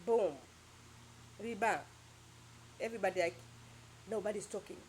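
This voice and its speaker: A woman's voice: mid-range voice, fairly even intonation, normal speed, a little mellow, slight background noise. Rambling, emphatic woman vlogger. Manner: emphatic, rambling, with sound-effect words. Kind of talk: casual opinion monologue.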